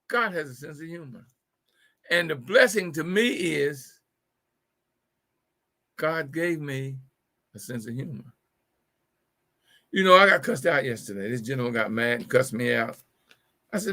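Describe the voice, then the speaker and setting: Man, middle-aged, live show host, joking, repeats punchlines, stumbles over words, bright tense tone. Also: a little high, expressive, unhurried, long pauses. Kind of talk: casual humorous talk.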